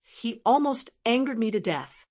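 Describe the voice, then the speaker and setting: A woman's voice: on the high side, big pitch swings, normal speed, a little mellow. A woman voicing a helpless male sect cultivator in an audiobook, weary and pleading. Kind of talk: audiobook dialogue reading.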